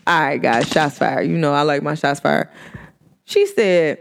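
A woman telling stories in a casual podcast monologue, speaking with slangy, animated delivery and laughing often as she acts out what people told her. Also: low-pitched, unhurried, creaky, clear, resonant tone. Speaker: podcast host. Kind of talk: casual spiritual storytelling monologue.

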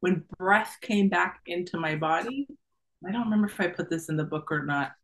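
A middle-aged woman, a guest in an interview, telling a personal story in a lively, casual way, laughing often and acting out the voices of the people in her story. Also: fairly low pitch, fairly quick, a little hiss or hum, poor audio. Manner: animated, laughs often, acts out quoted voices.

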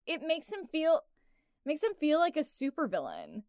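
High-voiced, sarcastic woman on a dry mic. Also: wildly swooping pitch, moderate pace, a little mellow, dry recording. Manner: sarcastic, laughing, swears freely. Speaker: podcast co-host. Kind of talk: casual podcast chat.

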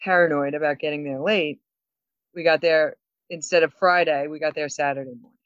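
Woman co-host, animated storyteller, laughs a lot, dry dull lo-fi sound. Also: low-pitched, no echo. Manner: animated storyteller, laughs often, quick asides. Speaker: podcast co-host. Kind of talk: casual chat.

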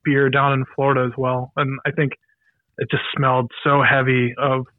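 A man's voice: medium pitch, little pitch movement, moderate pace, dry recording, phone-quality sound. A man co-hosting a podcast in casual chat, rambling and self-deprecating. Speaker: podcast co-host.

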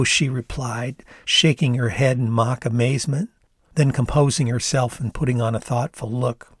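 An older man from the United States reading his memoir aloud in a measured, reflective storytelling manner. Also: mid-range voice, steady tone, slightly rough, no echo, studio quality. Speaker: author and narrator. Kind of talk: memoir narration read aloud.

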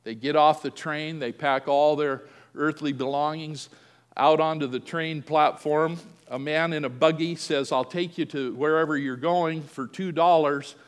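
A man's voice: a little high, steady tone, unhurried, smooth, big-room sound. A man preaching a sermon, telling a family story and acting out the quoted voices. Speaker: pastor.

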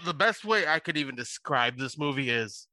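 A man's voice: medium pitch, lively intonation, bright, forceful tone, dry recording. A man co-hosting a podcast, chatting casually about a movie, blunt and swearing casually. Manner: blunt, swears casually, talks fast when worked up. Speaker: podcast co-host. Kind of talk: casual movie review chat.

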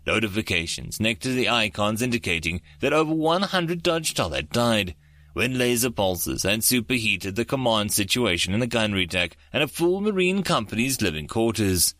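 A man reading an audiobook in measured, steady scripted narration. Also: fairly low pitch, dry recording.

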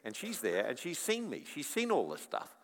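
A middle-aged man preaching a sermon, telling stories and swinging from quiet to loud. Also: mid-range voice, huge pitch swings, moderate pace. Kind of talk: sermon with storytelling. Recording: long echo of a large hall.

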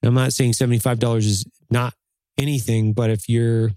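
A man's voice: mid-range voice, flat delivery, fairly quick, mellow, dry recording. A man hosting a casual podcast chat, talking bluntly and profanely in a motivational way.

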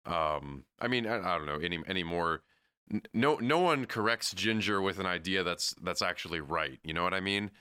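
Deep, bright-toned man talking movies. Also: expressive, moderate pace, clear, resonant tone, no echo, clean studio sound. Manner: thoughtful, hedging, acts out quotes. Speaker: podcast co-host. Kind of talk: casual movie discussion.

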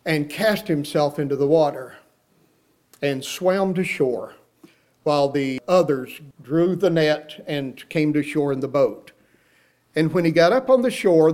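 A man's voice: a little high, a little mellow. A man preaching a sermon who retells the story and acts out the quoted speech, and who puts direct questions to his listeners.

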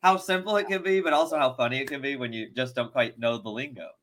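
A man co-hosting a casual podcast, talking in a relaxed way with many fillers. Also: mid-range voice, fast. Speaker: co-host.

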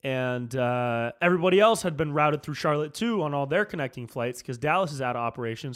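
A man hosting a podcast, ranting casually and profanely, drifting between low mumbled asides and fired-up outbursts. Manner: loose and profane, peppered with "dude", jumps between mumbling and fired-up. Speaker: comedian and podcast host.

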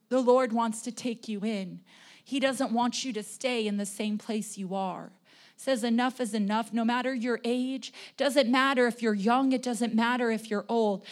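Woman preacher, high-pitched, fervent, chatty stories that rise into loud calls. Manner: fervent, swings from hushed asides to loud exhortation; chatty storytelling with everyday examples. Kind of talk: sermon.

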